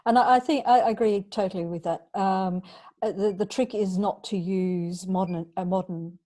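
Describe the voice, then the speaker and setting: A woman's voice: medium pitch, fairly even intonation, normal speed, dark tone. An Australian woman author in a casual video-call chat, talking thoughtfully and often restarting her words. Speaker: author guest.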